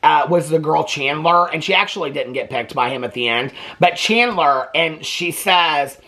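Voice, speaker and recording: A man spilling reality-TV gossip to the camera in a loose, chatty way. His talk is full of asides and "okay?" tags, and he keeps a lively, animated delivery. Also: on the high side, moderate pace. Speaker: TV reaction vlogger.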